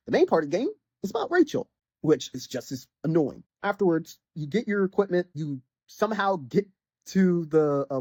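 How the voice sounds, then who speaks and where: This podcast host rants loosely about a game, leaning on "like" constantly and restarting often as his pitch rises and falls. The voice is darkish with a breathy edge, recorded dry and close with no echo or room sound.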